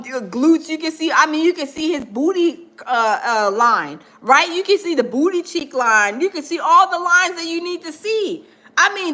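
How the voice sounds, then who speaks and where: Bright, high-voiced woman gossip host. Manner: animated, emphatic, chatty. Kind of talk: gossip livestream commentary.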